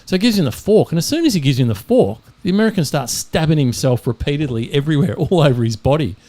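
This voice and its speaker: A man's voice: a little high, animated, quick pace, a little mellow. A man hosting a podcast, telling jokes animatedly and acting out the characters. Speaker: podcast host. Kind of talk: casual podcast joke telling.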